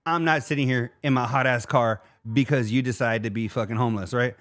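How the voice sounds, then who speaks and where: A man's voice: mid-range voice, a little fast. A man co-hosting a podcast, telling a story in a casual, slangy way and calling people "dog" again and again. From Arizona. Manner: animated, slangy, says "dog" constantly. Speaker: podcast co-host.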